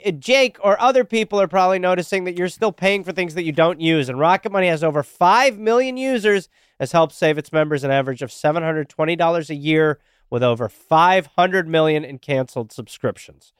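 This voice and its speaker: Goofy podcast guy doing an ad, high smooth voice, dry close sound. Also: brisk, dry recording. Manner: loose, joking, rambling. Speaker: podcast co-host. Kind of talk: casual chat and read ads.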